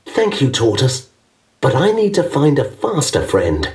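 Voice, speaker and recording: A man voicing a small, anxious male stuffed puppy who cries out in a high, excited voice. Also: unhurried. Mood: polite. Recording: distant, with background music.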